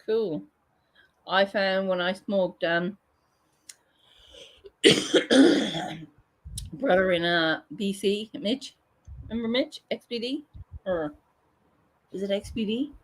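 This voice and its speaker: Woman, livestream host, casual chat, bawdy, swears, unhurried. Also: medium pitch. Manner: bawdy, joking, swears freely.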